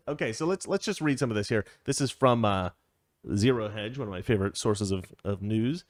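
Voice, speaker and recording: Man host, chatty political commentary, lively pitch, dry close sound, rambling and opinionated. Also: fairly quick, no room sound. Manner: opinionated and rambling, chuckling often. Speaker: show host.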